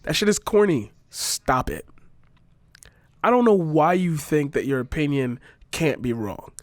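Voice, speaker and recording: Young man, fairly high voice, exasperated vlog rant, swearing, dry sound. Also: expressive, measured pace, dry recording. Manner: exasperated, profane, sarcastic. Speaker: vlogger. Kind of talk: frustrated opinion rant to camera.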